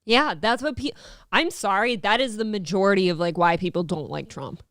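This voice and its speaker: A woman's voice: medium pitch, moderate pace, a bit bright, no echo, clean studio sound. A woman co-hosting a morning talk show, chatting casually and giving firm, emphatic opinions. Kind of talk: casual chat.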